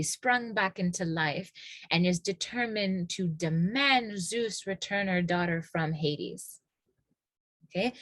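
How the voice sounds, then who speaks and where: A woman's voice: lowish voice, no echo. A woman guest casually retelling old myths in conversation, hesitant, with many fillers and restarts.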